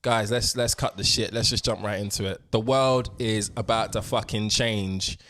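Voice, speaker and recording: A man co-hosting a podcast in a room, in casual, relaxed chat with many hesitations and casual swearing. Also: lowish voice, normal speed, a little hiss or hum. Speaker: podcast co-host. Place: indoor room.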